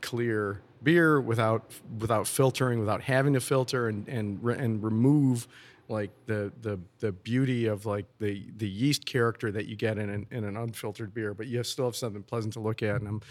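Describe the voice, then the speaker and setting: A man's voice: lowish voice, steady tone, normal speed. A man who is a brewer, explaining his brewing process in casual podcast talk, often restarting and repeating words.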